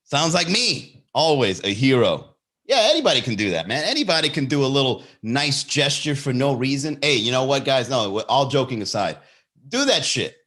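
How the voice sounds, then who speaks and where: A man hosting a comedy podcast, telling a story in a loose monologue and jumping into high voices for the people in it. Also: normal speed. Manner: animated, jumps into high-pitched impressions of people in his stories.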